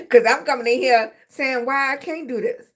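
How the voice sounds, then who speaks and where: A middle-aged woman chatting casually on a livestream, emphatic and repetitive, often checking in with "right?" and "okay?". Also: high voice. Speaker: content creator.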